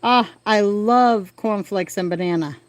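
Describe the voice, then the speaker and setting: This is a middle-aged livestream host at home, phone in hand near her bedroom window, gabbing casually and cracking herself up with her stories. She speaks unhurriedly at a medium pitch.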